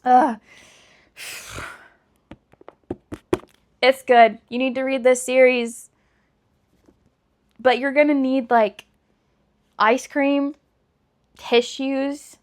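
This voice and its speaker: A woman with a high, bright-sounding voice talks casually to her viewers. She is emotional and gushing, stretching out words for dramatic effect. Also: steady tone, extremely slow, pauses often. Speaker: book vlogger. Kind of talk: casual chat.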